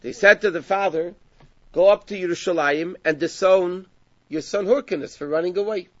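A man teaching a Talmudic story to a class, acting out the dialogue with lively emphasis. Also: sits high, moderate pace, dry recording. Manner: animated, acts out dialogue with rising emphasis. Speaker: Torah teacher. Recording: dull lo-fi sound.

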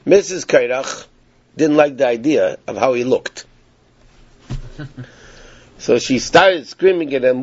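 Man teaching a Torah class, husky voice, lively pitch, dull dry lo-fi recording. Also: takes it slowly, long pauses. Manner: animated, lively storyteller with frequent restarts.

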